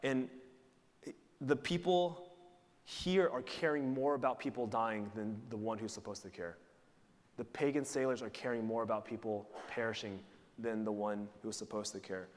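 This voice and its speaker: A man's voice: on the low side, steady tone, brisk. A man giving a sermon as pastor, preaching in a conversational way and putting questions to the congregation. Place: church sanctuary. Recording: long reverb of a large hall.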